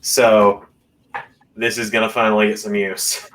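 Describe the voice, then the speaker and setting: A young man hosting a podcast, chatting casually and making quick, wry remarks. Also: fairly low pitch, little pitch movement, a bit bright. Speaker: podcast host. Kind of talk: casual chat.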